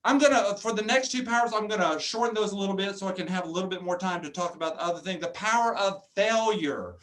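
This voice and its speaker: A man giving a motivational keynote talk as a professional speaker, animated and jokey, acting out customers in funny voices. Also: sits high, fast.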